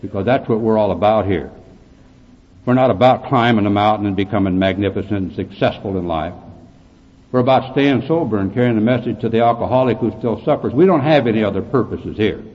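A man speaking at a recovery meeting, telling his story bluntly with gruff, dark humor. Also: on the low side, fairly quick, long reverb tail. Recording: tinny phone-like recording with faint hiss.

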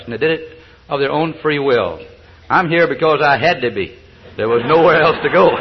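An older man from South Georgia, US gives a joke-filled personal testimony at a recovery meeting, spinning folksy stories with chuckles and hesitant fillers. His mid-range voice has a breathy edge, captured on a dull old lo-fi recording.

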